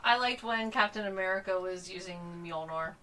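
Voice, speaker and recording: A woman's voice: medium pitch, normal speed, pushed and bright, distant mic, poor audio. A woman co-hosting a casual movie chat, agreeable and brief. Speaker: podcast co-host.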